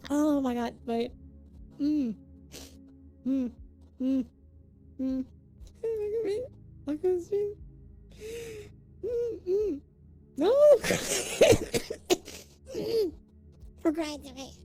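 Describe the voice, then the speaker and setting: A high-pitched woman streamer talking unhurriedly to her chat, excitable and emotional, thanking viewers one by one. She goes from giggling to choking up and back. Faint music plays behind her. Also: slow, pauses often. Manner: excitable, thanks viewers by name, swings between giggles and near tears. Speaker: live streamer.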